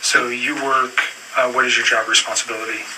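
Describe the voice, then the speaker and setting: A man questioning a witness as a police detective in an interview room, calm and procedural, with frequent fillers. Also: mid-range voice, brisk. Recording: distant room recording with clear noise.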